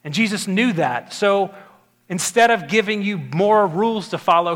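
A man's voice: high voice, normal speed, a bit bright. A man preaching a sermon as pastor, earnest and building to emphatic exhortation.

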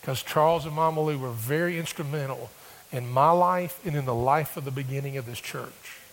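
Gravelly preacher in a reverberant hall. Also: male voice, medium pitch, moderate pace, slight background noise. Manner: storytelling, rising to emphatic bursts. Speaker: pastor. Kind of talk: sermon.

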